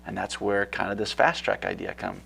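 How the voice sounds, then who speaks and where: Man, gravelly, low voice, interview guest, eager, rambling, lots of fillers. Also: fairly quick, a bit bright, slight background noise. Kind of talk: casual interview chat.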